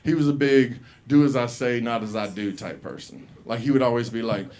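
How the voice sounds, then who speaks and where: A man's voice: mid-range voice, fairly even intonation, brisk, hardly any pauses, darkish tone. A man telling a profane story as a stand-up comic at an open mic, acting out the people he quotes. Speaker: stand-up comedian. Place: comedy club stage.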